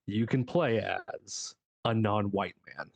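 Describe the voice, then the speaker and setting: Low-voiced dry, sarcastic podcaster. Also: male voice, slow, darkish tone, dry recording. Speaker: podcast co-host. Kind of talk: casual chat.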